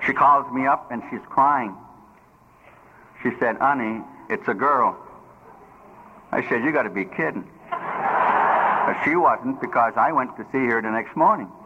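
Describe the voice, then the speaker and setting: A man's voice: medium pitch, unhurried, pauses often. An older man telling his personal story at a recovery meeting, humorous and plain-spoken with broken grammar. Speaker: recovery speaker. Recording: dull lo-fi recording with faint noise.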